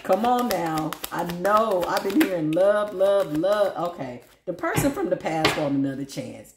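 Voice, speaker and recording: Animated woman reading tarot, echoey room. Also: moderate pace, few pauses. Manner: animated, laughing often, big pitch swings, talks to spirit and viewers. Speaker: tarot reader.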